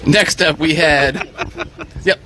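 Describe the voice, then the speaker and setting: Bright-voiced joking man hosting. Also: on the high side, slow pace, slight background noise. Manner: joking, teasing, laughs often. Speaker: podcast host. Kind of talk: casual banter recap.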